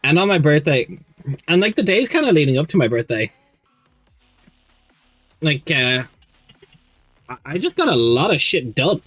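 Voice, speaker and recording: Upbeat young man with a lively voice. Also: on the high side, normal speed, pauses often, no room sound, soft background music. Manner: rambling, upbeat, many restarts and fillers. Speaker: stream host and game master. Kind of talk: casual livestream chat.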